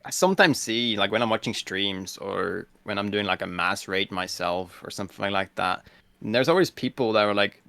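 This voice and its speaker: Man, lowish voice, casual gamer talk, lots of fillers, dry close sound. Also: moderate pace, vocal fry, pushed and bright, no echo. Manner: laid-back, many "like" fillers, blunt. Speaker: guest streamer. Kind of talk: casual podcast chat.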